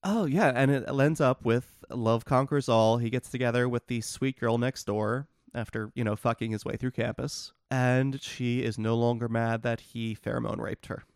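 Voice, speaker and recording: A man's voice: medium pitch, fairly even intonation, moderate pace, hardly any pauses, smooth, dry recording, studio quality. A man co-hosting a podcast, casually and wryly explaining the plots of obscure films. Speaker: podcast co-host. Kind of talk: casual movie discussion.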